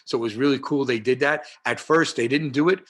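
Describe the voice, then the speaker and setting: Over a video call, a man in his sixties with a New York accent tells animated, rambling anecdotes in a casual storytelling interview, restarting often and leaning on fillers. He's a martial arts historian guest with a mid-range, slightly fast voice.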